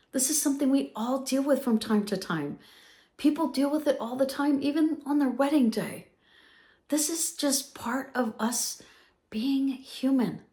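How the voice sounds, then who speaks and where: Woman in her 50s doing a pep-talk podcast, upbeat and emphatic, mid-pitched voice. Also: darkish tone. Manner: upbeat, emphatic, repeats phrases for effect. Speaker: podcast host. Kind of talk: motivational podcast monologue.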